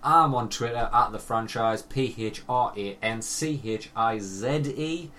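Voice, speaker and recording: A man, hosting a casual podcast chat, sweary and joking with loud bursts of laughter. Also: fairly low pitch, a little slow. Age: 30s. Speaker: podcast host.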